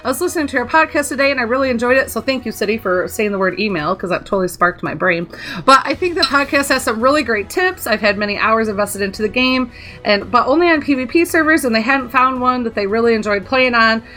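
A woman's voice: fairly high pitch, animated, fast talker, pushed and bright. A woman co-hosting a gaming podcast, chatting casually with a rambling, giggly manner. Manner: giggly, rambling, laughs often. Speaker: podcast co-host. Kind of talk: casual chat.

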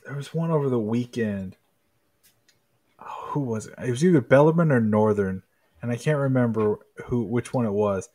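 A man from Kentucky co-hosting a podcast, talking sports in a relaxed, joking way and laughing easily. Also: mid-range voice, moderate pace. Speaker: podcast co-host. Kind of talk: casual sports chat.

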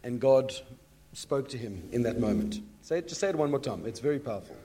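Coaxing pastor leading a testimony. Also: male voice, medium pitch, expressive, brisk, mellow, husky. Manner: coaxing, explains to the congregation. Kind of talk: leading a church interview. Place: church in front of a congregation.

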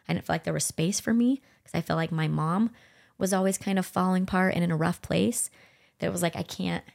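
A middle-aged woman talks on a podcast in a low, gravelly voice. She is gentle and earnest, thinking aloud about personal experiences and sometimes acting out what she once thought. Her pace stays unhurried. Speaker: podcast co-host. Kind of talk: heartfelt conversational podcast talk.

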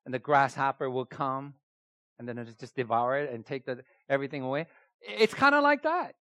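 A man's voice: medium pitch, lively intonation, a little fast, pushed and bright, no echo. A man preaching a sermon, emphatic and repeating key phrases, often putting rhetorical questions to his listeners. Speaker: pastor.

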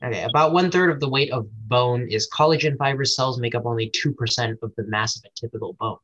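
A man's voice: mid-range voice, fast, fairly bright tone, dull audio. A young man reading a biology textbook aloud in a casual study session, stumbling on hard terms and adding joking asides.

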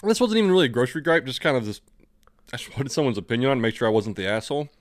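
A man's voice: medium pitch, expressive, racing, dry recording, studio quality. A man co-hosting a podcast, chatting casually in a rambling way and swearing freely. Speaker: podcast co-host. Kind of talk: casual chat.

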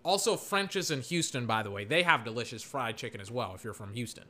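Rambling young man, bright voice. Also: mid-range voice, fairly quick, a little hiss or hum. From Texas. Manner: rambling, heavy on filler words, bursts into excited play-by-play. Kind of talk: casual rambling chat while calling a football game.

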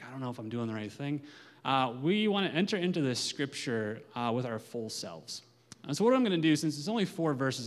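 Man, pastor, casual sermon, lots of "uh", middle pitch, echoing church hall. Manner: relaxed, conversational, many "uh" fillers. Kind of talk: sermon with scripture reading and prayer. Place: church sanctuary. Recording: long hall reverb.

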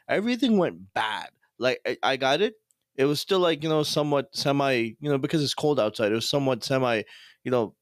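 Fast-talking man venting in a dry room. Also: medium pitch, no room sound. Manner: sprinkles in Islamic phrases. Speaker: podcast host. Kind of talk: casual monologue rant.

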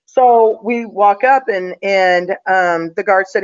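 A woman's voice: mid-range voice, slow pace, smooth, muffled recording. A woman guest telling a story in a casual, confident, chatty way, with plenty of fillers.

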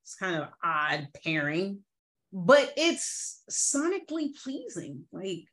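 A woman's voice: mid-range voice, big pitch swings, slow pace, fairly bright tone. A woman co-hosting a podcast in casual chat, candid and blunt, swearing freely. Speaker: podcast co-host.

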